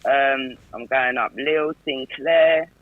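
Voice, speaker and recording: A man co-hosting a casual live podcast, upbeat as he lists dishes and gives viewers shoutouts. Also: medium pitch, takes it slowly, narrow, tinny audio. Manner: upbeat, listing food and giving shoutouts. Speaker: podcast co-host.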